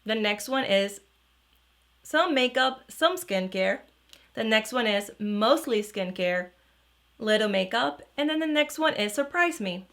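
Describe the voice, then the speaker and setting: A woman's voice: a little high, expressive, measured pace, fairly bright tone. A woman beauty vlogger chatting casually through a product review, rambling with restarts and lots of "you know".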